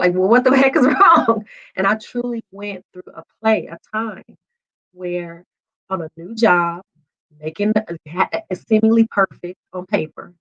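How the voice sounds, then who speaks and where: A woman's voice: on the low side, fairly bright tone. A woman in her forties telling her personal testimony as a podcast guest, candid and emotional, laughing at times. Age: 40s. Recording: dull lo-fi sound.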